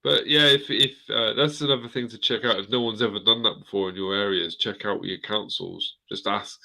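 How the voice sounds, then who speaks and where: A man's voice: on the low side, fairly even intonation, a little fast, creaky, sharp tone. A middle-aged man hosting a casual live chat, rambling through viewer comments and swearing now and then. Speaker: host of a live chat stream.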